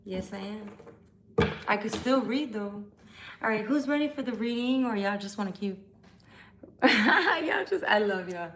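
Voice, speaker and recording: A woman's voice: medium pitch, moderate pace, slight background noise. A tipsy woman tarot reader talking bluntly and profanely in a casual live-stream chat from home.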